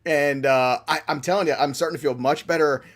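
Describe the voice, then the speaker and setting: A man's voice: a little high, fairly even intonation, fairly quick. Playful male podcast host. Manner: playful, teasing, upbeat. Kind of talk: casual fantasy baseball talk.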